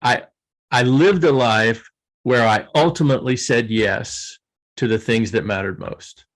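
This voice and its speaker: An older man talking with heartfelt, storytelling earnestness, his voice sitting at an everyday middle pitch. He laughs often and sounds close to tears at times as he reflects on his life. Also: a little slow. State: tearful. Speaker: guest author. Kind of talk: emotional reflective interview talk.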